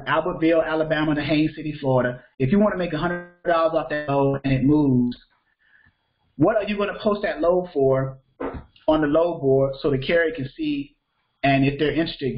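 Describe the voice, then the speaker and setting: A somewhat high-voiced man runs a live freight broker training, and the audio is dull. His delivery is casual and repetitive, with frequent questions to check that students get it.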